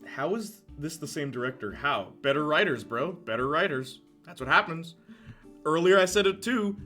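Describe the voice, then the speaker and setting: A man talks in casual live-stream chat, excitable and quick to laugh. His voice swings widely up and down and rings bright and forceful. Soft guitar music plays faintly behind him. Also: fairly high pitch. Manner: excitable, chatty, laughs often, reacts to chat. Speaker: streamer ranking movies.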